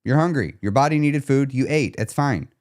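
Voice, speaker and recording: A man's voice: medium pitch, expressive, moderate pace, a little mellow. A man coaching viewers on a live stream, speaking emphatically, repeating key questions and checking in with his audience. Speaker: weight loss coach.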